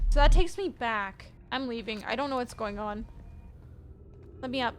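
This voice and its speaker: A woman's voice: a little high, normal speed, pauses often, soft background music. A young woman streaming a game, panicking, swearing and reading game text aloud. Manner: excitable, panicky outbursts and swearing. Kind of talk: casual gameplay commentary.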